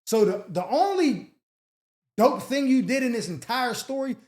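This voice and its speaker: A man's voice: extremely high pitch, lively intonation, a little slow, a little mellow. A man hosting an advice show, giving blunt, slangy, mocking commentary. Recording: roomy echo.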